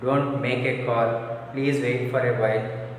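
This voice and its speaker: A man's voice: mid-range voice, level tone, unhurried, a little hiss or hum. A man teaching grammar, repeating example phrases aloud in a drilling classroom manner, recorded in an echoey hall from a distance. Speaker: English teacher.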